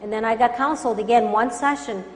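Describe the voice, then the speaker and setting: Earnest higher-voiced woman preaching in a hall. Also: fast. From Colombia. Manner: earnest, urgent exhortation. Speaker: Christian speaker. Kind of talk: testimony sermon. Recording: echoey hall with faint hum.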